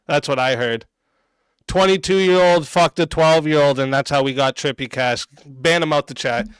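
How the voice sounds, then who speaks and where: A man's voice: fairly high pitch, normal speed, a bit bright, clean tone, dry recording. A man streaming live, reacting to chat in a crude, combative, mocking way. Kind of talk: livestream commentary.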